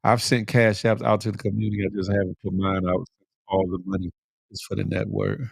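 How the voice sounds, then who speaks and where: A man's voice: lowish voice, flat delivery, brisk, gravelly, no room sound, studio quality. A middle-aged man hosting a morning livestream, reading viewer comments aloud in casual, slangy banter, often laughing. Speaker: host of a morning livestream show.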